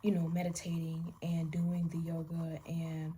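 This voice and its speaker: A young vlogger speaks in a deep, warm voice with a completely flat delivery and a measured pace. She does her makeup while telling her story in a candid, rambling get-ready-with-me chat, often starting her sentences again.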